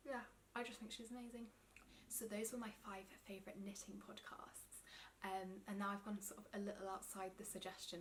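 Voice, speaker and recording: A woman's voice: mid-range voice, a little hiss or hum. A young English woman chatting to camera about her favourite knitting vlogs, enthusiastic and full of ums and side notes. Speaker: knitting vlogger. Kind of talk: casual chat to camera.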